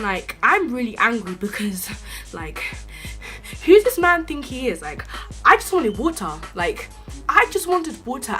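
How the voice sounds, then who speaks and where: A woman's voice: on the high side, pushed and bright. A young woman telling a storytime vlog in a chatty, indignant way, full of filler words. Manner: indignant, rising to outbursts. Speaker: vlogger.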